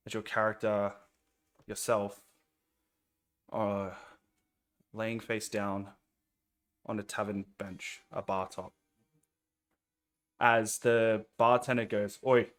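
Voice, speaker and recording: An Australian man serves as game master for a tabletop game, narrating in a relaxed, rambling manner and laughing often. His voice is on the low side.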